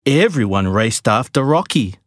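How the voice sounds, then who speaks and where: A man reading a children's picture book aloud, with a slow, lively read-aloud manner. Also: medium pitch, a little hiss or hum. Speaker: storybook reader.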